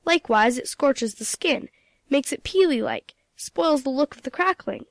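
A woman's voice: high voice, animated, moderate pace, creaky, no echo. Storybook ship's mate, blunt and grumbling, read by a woman, dry sound.

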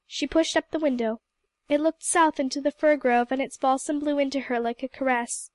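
A woman narrating a novel in a gentle, even storybook reading. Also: high voice, moderate pace, no room sound. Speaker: audiobook reader. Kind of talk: scripted narration.

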